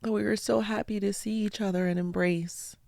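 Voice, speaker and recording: A woman hosting her own show, telling personal stories in an earnest, heartfelt way with slow, deliberate phrasing. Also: medium pitch, fairly even intonation, creaky, mellow, dry recording, clean studio sound. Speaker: podcast host. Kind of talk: personal storytelling talk.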